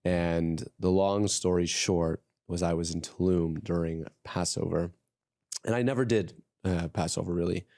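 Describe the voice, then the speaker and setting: A man hosting a podcast, telling a story in a relaxed, hesitant way in casual interview chat. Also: low voice, moderate pace, vocal fry, no echo, clean studio sound. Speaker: podcast host.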